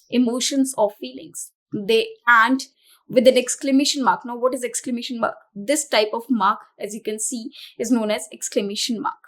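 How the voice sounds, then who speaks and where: Woman teacher with a slightly high voice, walking students through grammar and restating each idea. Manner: explanatory, repeats and rephrases points. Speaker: English teacher. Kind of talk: exam-prep lesson.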